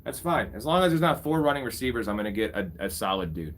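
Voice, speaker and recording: A man's voice: lowish voice, big pitch swings, fast, slight background noise. A young man casually commentating a live fantasy football draft, bantering with his chat and swearing freely. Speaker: fantasy football streamer host.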